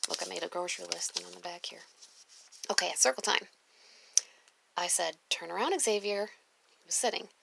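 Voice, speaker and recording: Gravelly-voiced former preschool teacher. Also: female voice, on the low side, steady tone, fairly quick, long pauses, slight background noise, poor audio. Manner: gushing, with soft whispered asides. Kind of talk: casual chat reading notes aloud.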